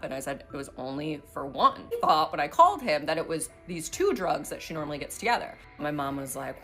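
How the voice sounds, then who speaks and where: Animated woman telling a story. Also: sits low, fairly quick, faint music behind. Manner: animated, acts out quoted voices. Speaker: social media storyteller. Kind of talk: casual storytelling.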